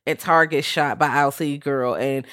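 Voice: medium pitch, steady tone, normal speed, a bit bright, smooth, no room sound, studio quality. A podcast co-host recapping plot points casually, bluntly, with heavy swearing. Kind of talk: casual chat.

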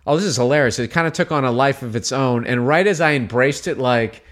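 A man, a stand-up comedian, telling a long story in casual conversation, swearing freely and jumping up high in pitch when he quotes people. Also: fast talker. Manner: animated, profane, jumps in pitch when quoting people.

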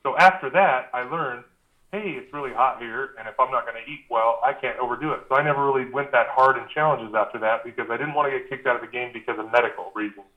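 A man's voice: medium pitch, fast, phone-quality sound. A man as a podcast guest, telling a long anecdote in a casual, rambling way with lots of fillers and restarts. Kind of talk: casual storytelling.

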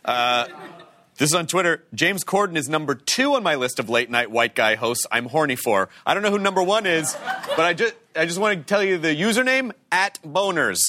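A man's voice: a little high, animated, brisk, noisy background. A man hosting a talk show in front of a studio audience, upbeat and reading out viewer posts. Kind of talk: casual chat.

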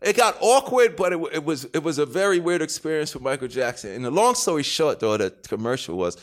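A man on an interview show, telling an anecdote in a casual, animated way, acting out other people's lines and swearing freely. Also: a little high, brisk. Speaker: interview guest.

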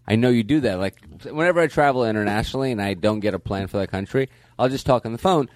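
A man's voice: fairly low pitch, fast, dry recording. Rambling man in casual comedy chat. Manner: rambling storyteller, many restarts, acts out exchanges.

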